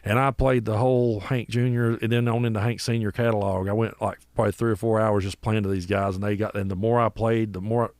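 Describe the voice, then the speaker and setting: A man with an Appalachian accent rattles through his stories at a brisk clip, his voice on the lower side. He acts out the people in them as he goes. The sound is close and dry, with no room around it. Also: no echo. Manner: animated storyteller, acts out voices. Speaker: musician guest. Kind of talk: casual storytelling interview.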